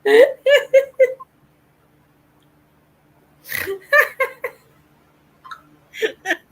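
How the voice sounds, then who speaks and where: High-voiced chatty woman host. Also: extremely slow, creaky, poor audio. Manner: chatty storyteller, laughs often, swears casually. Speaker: livestream host. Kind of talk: casual chat.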